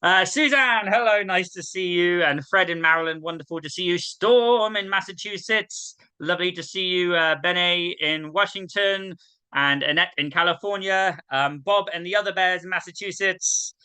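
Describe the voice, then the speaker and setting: A man hosting a sing-along over a video call, chatty and poking fun at himself as he greets people. His voice is very bright and smooth, set a little high, with a dry close sound. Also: moderate pace, dry recording. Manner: chatty and self-mocking. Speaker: host. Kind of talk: casual welcome and roll call.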